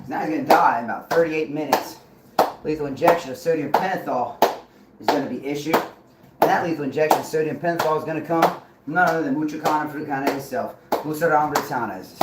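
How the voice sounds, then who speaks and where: A man talks on a livestream in a roomy space with a clear hum of noise behind him. He chants strings of nonsense words in a rhythm, then turns to profane, confrontational ranting at his audience. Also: fairly high pitch. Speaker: livestream host. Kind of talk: rambling livestream monologue.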